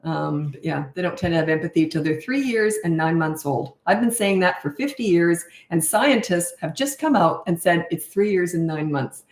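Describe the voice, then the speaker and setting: A woman's voice: lowish voice, expressive, normal speed, hardly any pauses, roomy sound. An older woman, a parenting coach, chatting and telling stories while answering questions live. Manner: chatty storytelling, acts out voices in anecdotes. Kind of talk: live Q&A chat.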